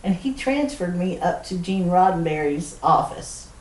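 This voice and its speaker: A woman's voice: fairly low pitch, measured pace, slight background noise. Middle-aged Southern woman, chatty podcast co-host, laughs through her tales, roomy room, mic set back. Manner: animated storyteller, laughs often mid-sentence. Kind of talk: casual storytelling chat. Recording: roomy sound from a distant mic.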